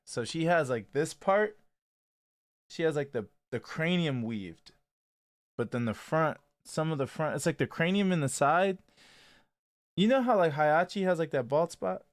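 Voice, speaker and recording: A man's voice: medium pitch, dry recording. A man co-hosting a reaction show, talking in a loose, rambling, opinionated way. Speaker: co-host reacting to a dating show clip. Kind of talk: casual chat.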